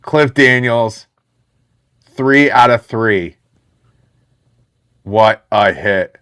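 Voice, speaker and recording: A man in his thirties hosting a live card break stream, chatting excitedly with viewers in the chat. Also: lowish voice, extremely slow.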